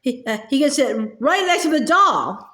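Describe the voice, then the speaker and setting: A woman's voice: high-pitched, big pitch swings, normal speed, pushed and bright, roomy sound, heavily acted. A woman reading aloud, voicing a prim, bossy ten-year-old girl in a storybook. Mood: eager.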